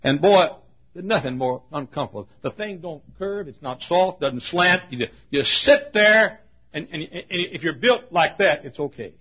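A man's voice: fairly high pitch, expressive, unhurried, husky. An older man, a pastor, telling a folksy story in a sermon, often repeating words and coughing. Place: church auditorium. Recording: dull lo-fi recording.

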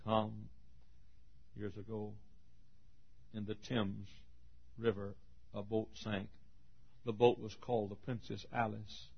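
A male preacher delivering a revival sermon, dropping to a murmur and then shouting repeated calls in a rhythmic, pleading way. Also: on the low side, flat delivery, unhurried, creaky, pauses often, husky. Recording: dull lo-fi recording.

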